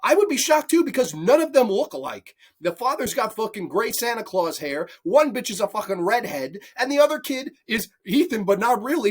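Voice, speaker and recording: A man's voice: high-pitched, very animated, normal speed, slightly rough. A man delivering an angry, profanity-heavy movie review rant, repeating himself in exasperation. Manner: angry, sweary, repetitive, exasperated.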